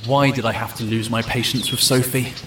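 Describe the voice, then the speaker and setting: An actor playing a defensive, brooding young Irish writer in an audio drama. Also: male voice, mid-range voice, steady tone, fairly quick, background noise, natural voice. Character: posh young Irish man, moody would-be writer.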